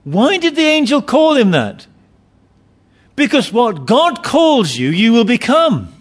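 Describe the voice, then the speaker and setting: A man's voice: very high voice, wildly swooping pitch, takes it slowly. A man preaching a sermon, emphatic, often repeating and restarting his phrases.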